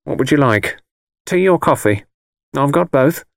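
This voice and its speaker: A man's voice: a little high, lively intonation, unhurried, gravelly, no room sound, studio quality, voice pushed up. A male audiobook reader voicing a stern, disapproving middle-aged mother who speaks in clipped, reproachful phrases. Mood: resigned. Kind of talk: audiobook character voice.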